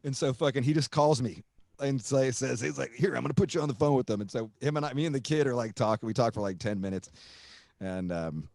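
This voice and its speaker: A man's voice: mid-range voice, quick pace, vocal fry, darkish tone, dry recording. A man hosting a podcast, telling a story in a casual, rambling way with lots of swearing, fillers and restarts. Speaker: podcast host.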